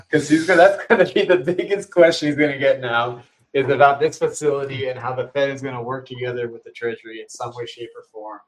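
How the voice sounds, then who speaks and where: A man's voice: mid-range voice, fairly even intonation, moderate pace, low-quality recording. A man speaking as a guest on a live audio panel, dry and hedging as he weighs what might be said. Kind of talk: casual market discussion. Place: remote live audio room.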